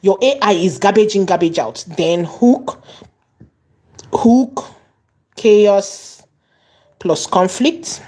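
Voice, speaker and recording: A woman teaching an online course, repeating and stressing key words and slowing down as she dictates. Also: mid-range voice, animated, warm tone. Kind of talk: tutorial lesson.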